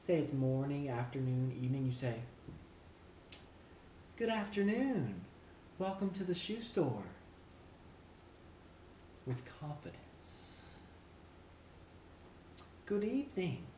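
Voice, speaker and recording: A man playing a smug, self-important male shoe store clerk in a comedic vlog monologue, talking in a deliberate, condescending way. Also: medium pitch, steady tone, warm tone, slight background noise, natural voice. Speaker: shoe store employee character. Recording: roomy echo, faint ambience.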